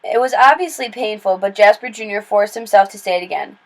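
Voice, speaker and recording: A woman reading a children's novel aloud in steady, plain storytelling with small slips and restarts. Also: medium pitch, brisk, poor audio. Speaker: read-aloud narrator.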